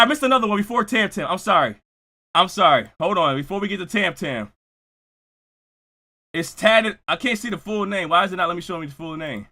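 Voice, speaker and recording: A man from Buffalo, New York, streaming live, hyping up his chat with loud, excitable shout-outs. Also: high voice, brisk. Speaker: streamer reacting to music.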